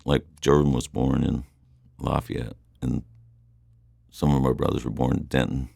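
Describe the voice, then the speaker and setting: Middle-aged guy, deep gravelly voice, laid back and rambly, hard-to-place accent, guitar in the background. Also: flat delivery, moderate pace, darkish tone, no echo, studio quality. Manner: rambling, laid-back, lots of "you know". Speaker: musician guest. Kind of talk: casual interview chat.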